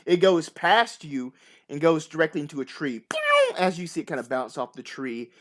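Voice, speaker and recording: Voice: medium pitch, huge pitch swings, moderate pace, a little hiss or hum. A game master running a tabletop horror game, describing scenes with lots of laughter and energy.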